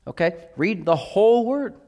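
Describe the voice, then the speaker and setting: A man's voice: high voice, expressive, normal speed, warm tone. Emphatic male pastor in a reverberant hall. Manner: emphatic, repeatedly asking "right?". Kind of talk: sermon.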